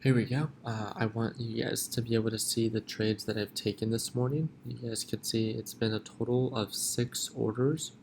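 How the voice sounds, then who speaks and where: Quiet gravelly-voiced man hosting a live stream. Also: mid-range voice, slight background noise. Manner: talking quietly, relaxed and unhurried. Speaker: trading livestream host. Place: home at night.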